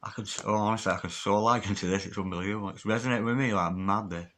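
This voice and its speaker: A man's voice: on the low side, steady tone, very fast, fairly bright tone. Chatty man giving a tarot reading. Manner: chatty and emphatic, swears casually. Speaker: tarot reader.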